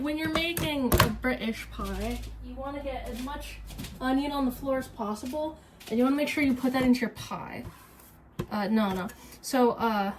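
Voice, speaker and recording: A woman vlogger chatting casually while she cooks in a kitchen, rambling, mocking herself and swearing freely. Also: high voice. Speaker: streamer and cooking vlogger. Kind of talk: casual cooking vlog chat. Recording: noisy kitchen with chopping sounds.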